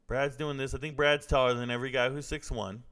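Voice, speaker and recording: A man casually commenting live on a fight broadcast, reacting excitedly and talking to his chat. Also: mid-range voice, a little fast.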